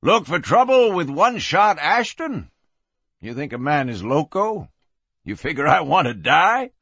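A man's voice: fairly high pitch, lively intonation, slow, fairly bright tone, dry recording, full character voice. A man voicing a cool, mocking gunfighter with a scornful tone.

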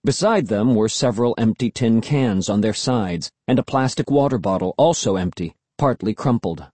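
A man narrating a first-person suspense story, reading expressively and dropping to a hush for tense moments. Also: fairly low pitch, normal speed, dry recording. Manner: expressive, hushed for suspense, raised for shouts. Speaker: audiobook narrator.

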